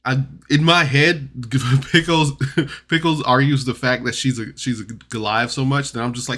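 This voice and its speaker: A man's voice: mid-range voice, fairly even intonation, normal speed, fairly bright tone. A man casually recapping a tabletop game episode for a podcast, rambling and chatty, full of fillers and restarts. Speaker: podcast reviewer.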